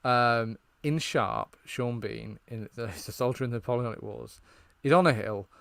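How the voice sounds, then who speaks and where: A man's voice: medium pitch, moderate pace, creaky. A British man co-hosting a podcast in casual chat, telling stories with energy and quoting lines he finds funny. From Britain. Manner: animated storyteller, quotes film lines and laughs at them. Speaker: podcast co-host.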